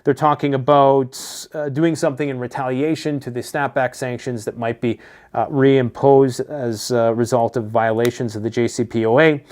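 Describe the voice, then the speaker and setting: A man's voice: medium pitch, flat delivery, moderate pace, a little mellow. A Canadian man giving casual political commentary on prepper news, blunt, sarcastic and profane. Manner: blunt, sarcastic, profane, mocking put-on voices.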